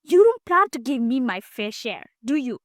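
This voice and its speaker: A woman voicing a greedy, demanding middle-aged aunt who speaks loudly and pushily in an audiobook story. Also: sits high, big pitch swings, moderate pace, no echo, clean studio sound. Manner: demanding and loud.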